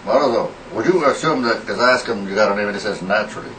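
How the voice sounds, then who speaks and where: A man's voice: lowish voice, racing, a bit bright. A man playing a crude, blustering uncle who swears heavily at a teacher in an improvised comedy sketch. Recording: echoey, distant, noisy amateur recording.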